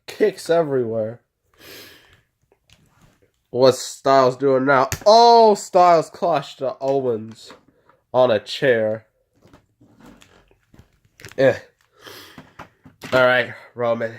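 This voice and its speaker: Host calling a wrestling video game at a very slow, drawn-out pace, excitable, talking to the wrestlers on screen. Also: medium pitch. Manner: excitable, full of gasps and "oh" exclamations. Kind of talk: play-by-play game commentary.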